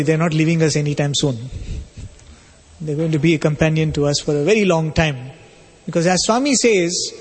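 A man telling a spiritual story as a sermon, in a measured, explanatory way. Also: on the high side, breathy edge. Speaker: spiritual speaker. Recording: long hall reverb.

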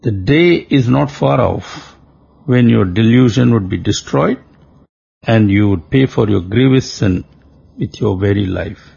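A man's voice: on the low side, vocal fry, darkish tone, breathy edge, highs cut off, heavily acted. A man reading a stern, defiant captive princess. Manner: stern, measured, slow warnings.

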